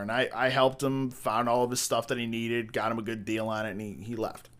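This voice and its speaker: A man's voice: mid-range voice, little pitch movement, fast, hardly any pauses, a bit bright. A man telling rambling, profane work stories in a casual chat, full of restarts and crude jokes. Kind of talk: casual storytelling.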